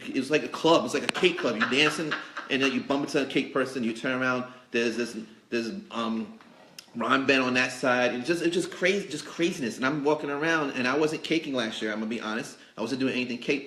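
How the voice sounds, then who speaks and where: A man hosts a casual live chat from inside a shop, talking in an effusive, emotional way. His voice sits at a middle pitch. The room around him is echoey and bare. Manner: excitable, effusive, emotional, jumps into high mock voices. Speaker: host. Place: cake supply store.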